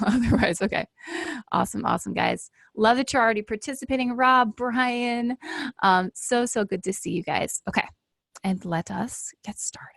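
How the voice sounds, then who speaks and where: Woman, webinar host, hyped and upbeat, slightly gravelly voice, dry close sound; addresses viewers directly. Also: medium pitch, no room sound. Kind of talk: live webinar sales pitch.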